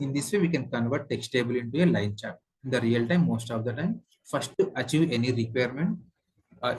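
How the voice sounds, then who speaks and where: Husky Indian trainer walking through steps. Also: male voice, medium pitch, low-quality recording. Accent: Indian English. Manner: explains step by step with many fillers and repeats. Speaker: software trainer. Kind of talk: screen-share tutorial lesson.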